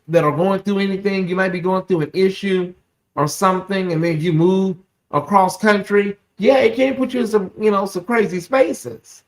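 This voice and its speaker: Chatty livestream host, casual gossip talk, reads chat aloud, jumps into loud, high bursts when excited. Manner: chatty, reads viewer comments aloud, talks straight to the audience.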